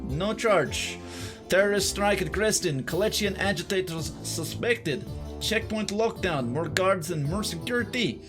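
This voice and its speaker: Brief: a man doing a stiff, stern state newsreader for a video game, heavy mock-Russian accent, raised pitch, slow and formal. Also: animated, over music.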